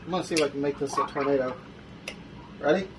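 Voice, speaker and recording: A man's voice: medium pitch, fast talker, background noise. A man co-hosting a podcast, telling stories and walking through a drink recipe in a loose, joking way. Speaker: podcast co-host. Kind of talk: casual podcast chat.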